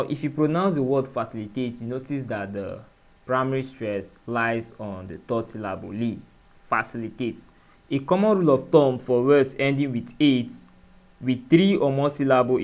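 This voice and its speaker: Measured man tutoring. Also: medium pitch, a little mellow. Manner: measured, spells out letters and syllables. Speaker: exam tutor. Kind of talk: exam-prep lesson.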